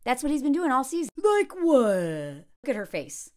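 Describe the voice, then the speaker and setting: Blunt, sarcastic woman with a lively high voice. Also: fast. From US South. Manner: blunt, sarcastic, animated, laughs often. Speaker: reality TV commentator. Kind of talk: casual reaction commentary.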